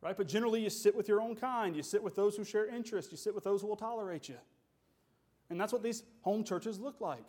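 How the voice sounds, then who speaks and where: A man's voice: high-pitched, quick pace, darkish tone. A man preaching a sermon as pastor, emphatic and full of rhetorical questions.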